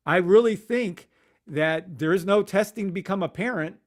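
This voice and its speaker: A man's voice: sits high, animated, normal speed, creaky. A man hosting a casual live stream, ranting animatedly with swearing and muttering to himself at his computer. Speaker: livestream host.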